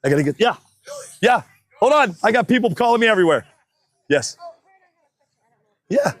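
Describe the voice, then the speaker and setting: A man's voice: high voice, expressive, moderate pace. Chatty man announcing at a drag track. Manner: joking, chatty, loud calls to the crowd. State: slightly out of breath. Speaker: race announcer. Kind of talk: casual live-stream commentary. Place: outdoor drag racing track. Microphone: wireless mic worn on body.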